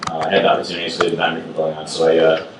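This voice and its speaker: A man telling a story as a guest on a live podcast, rambling quickly with fillers. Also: extremely low pitch, completely flat delivery. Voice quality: rapid, rambling delivery. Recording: echoey room, mic at distance, noisy.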